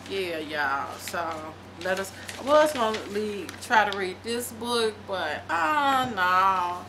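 A middle-aged woman vlogging, chatting casually and reading aloud from a book, with animated, loose storytelling. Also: medium pitch, slow, noisy background.

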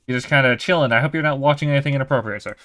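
A man's voice: medium pitch, rapid-fire, a bit bright, close to an everyday voice. A man putting on a put-on British accent to play an overly polite man greeting someone through a window. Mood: mock polite. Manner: mock-courteous, formal greetings.

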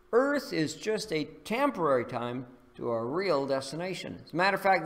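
A male pastor delivering a sermon in a gravelly voice with a touch of vocal fry. He speaks earnestly and deliberately, moving from scripture reading into storytelling and prayer. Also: fairly high pitch.

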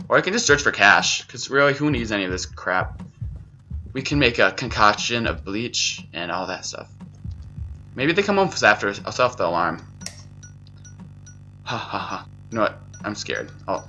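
A man's voice: fairly low pitch, big pitch swings, moderate pace, pauses often, pushed and bright, faint music behind. A young man giving goofy, rambling gameplay commentary and making self-mocking jokes as host of his own gaming channel. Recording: dull lo-fi mic.

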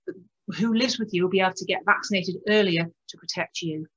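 A woman's voice: lowish voice, fairly quick, lo-fi sound. A woman doctor gives a conversational talk to patients, stopping and restarting phrases as she goes. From United Kingdom. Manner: conversational with many restarts and fillers. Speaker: respiratory doctor giving a conference talk. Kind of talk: presentation to patients.

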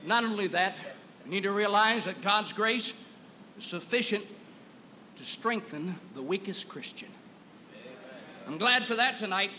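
A man preaching a fiery revival sermon, swinging between hushed storytelling and shouted exclamations, recorded in a church on an old cassette tape. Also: high-pitched, lively intonation, measured pace, long pauses, a little hiss or hum, rough recording. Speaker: pastor. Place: church sanctuary.

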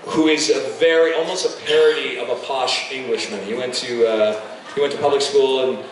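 A man speaking as a guest on a convention panel, effusive and animated, often restarting his sentences. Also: mid-range voice, brisk. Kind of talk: casual panel talk. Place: large convention hall. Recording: echoey hall, far-off mic, crowd noise.

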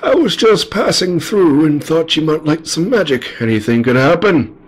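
A man's voice: expressive, moderate pace, rough recording. A man voicing a jolly old wizard with a hearty manner in a game. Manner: hearty, booming laugh.

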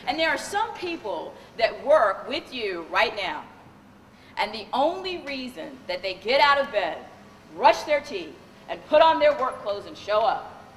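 A woman, a lawyer and corporate trainer, giving a lively live training talk and questioning the audience. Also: a little high, a little hiss or hum. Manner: animated, engages the audience with questions. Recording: echoey hall with long reverb.

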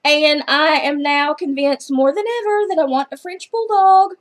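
A woman's voice: high voice, moderate pace. Chatty woman gushing over books. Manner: chatty and excitable, gushing, casual swearing. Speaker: book vlogger. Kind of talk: casual book haul chat.

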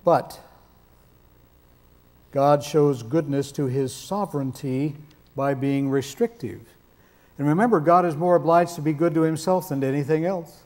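A man's voice: fairly high pitch, measured pace, long pauses, a little mellow. A man preaching a sermon in a conversational, emphatic way with touches of dry humor.

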